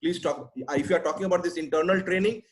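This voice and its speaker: Male sales trainer, slightly raised pitch, blunt emphatic delivery over a video-call mic. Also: fast, poor audio. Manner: blunt, emphatic, repeats "right?" and "simple". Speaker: sales trainer answering questions. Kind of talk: webinar Q&A.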